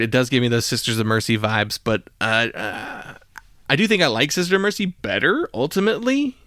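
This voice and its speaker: A man's voice: fairly low pitch, pushed and bright, dry recording, clean studio sound. Casual man hosting a music podcast. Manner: casual, rambling with frequent fillers. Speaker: podcast host. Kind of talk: solo music podcast monologue.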